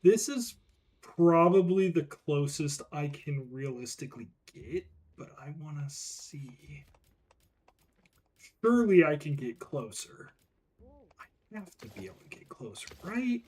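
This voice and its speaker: A gaming streamer talks through gear choices at a slow, unhurried pace. Half-muttered and trailing off, as if thinking aloud mid-stream. Middle pitch, relaxed chatter. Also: slightly rough. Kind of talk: casual gaming stream commentary.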